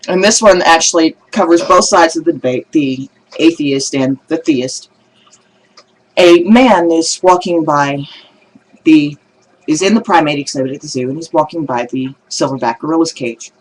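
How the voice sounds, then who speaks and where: A man telling religious jokes in a casual video blog, animated and laughing at his own punchlines. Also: fairly high pitch, moderate pace, rough recording.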